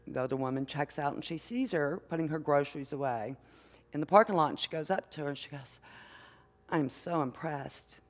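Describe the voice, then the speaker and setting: An older woman, a mother and grandmother, preaching a sermon in a church with an unhurried, conversational manner, often asking the congregation questions. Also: sits low, lively intonation. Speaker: minister. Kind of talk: sermon with storytelling. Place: church sanctuary. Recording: long hall reverb.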